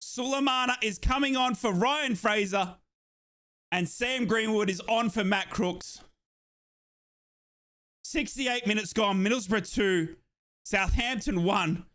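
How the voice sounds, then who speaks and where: A young man from Australia giving excited, breathless live commentary on a football match as a fan streamer, shouting and chanting along. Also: high-pitched, slow pace, long pauses.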